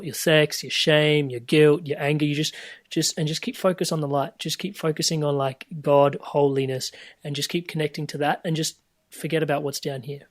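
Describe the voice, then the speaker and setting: A man talking as a podcast guest over a video call, reflective and searching, often restarting phrases and letting them trail off softly. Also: a little high, no room sound. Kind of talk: reflective conversational storytelling.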